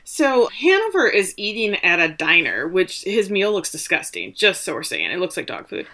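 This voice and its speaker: A woman's voice: fairly low pitch, moderate pace. A young woman co-hosting a podcast, chatting casually and animatedly, swearing freely and retelling scenes. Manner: animated, swearing, reads out lines in quotes. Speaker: podcast co-host. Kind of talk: casual recap chat.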